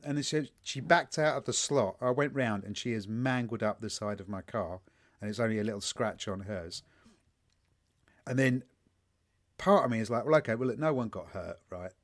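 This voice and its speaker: A man, a young adult, co-hosting a podcast in casual chat, swearing and telling stories with mock quotes. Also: mid-range voice. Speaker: podcast co-host.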